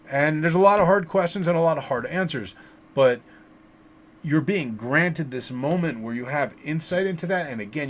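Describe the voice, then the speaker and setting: A man's voice: mid-range voice, slight background noise. Chatty man hosting a livestream tarot reading. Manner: relaxed and chatty, with many fillers and repeated words.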